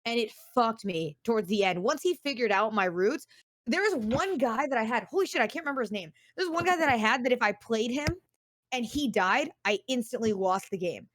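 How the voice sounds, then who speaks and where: Woman, brash casual chat, fairly high voice, dry close recording. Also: expressive, a little fast, no room sound. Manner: brash, exclamatory. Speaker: streamer in voice chat.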